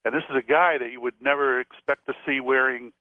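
A man from Florida, a psychic and former police officer, telling stories in a chatty, animated way as a radio guest. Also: medium pitch, fast talker. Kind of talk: storytelling on a call-in radio show. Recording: tinny phone line.

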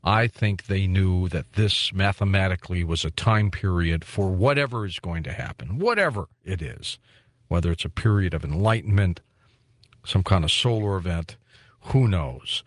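Male call-in show host, low voice, dry studio sound. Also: dry recording. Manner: relaxed, affable, takes calls briskly. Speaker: radio talk show host. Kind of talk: late-night call-in radio.

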